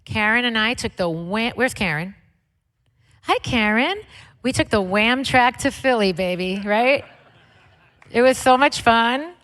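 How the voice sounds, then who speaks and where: A woman guest telling stories in a chatty, excitable way with lots of fillers, speaking onstage at a live conversation event. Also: on the high side, unhurried, pauses often. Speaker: interview guest, singer. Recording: long hall reverb.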